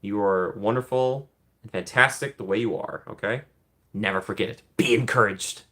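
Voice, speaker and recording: Answering chat on a relaxed livestream, this man reads questions out loud and responds conversationally, laughing often and saying "um" a lot. He speaks at a moderate pace in a fairly low, slightly bright voice.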